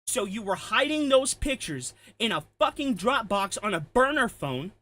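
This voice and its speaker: A man's voice: high-pitched, sing-song, normal speed. Heated, profane male commentary ranter. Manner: heated, profane, shouting at times. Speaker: commentary streamer. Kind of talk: angry ranting commentary.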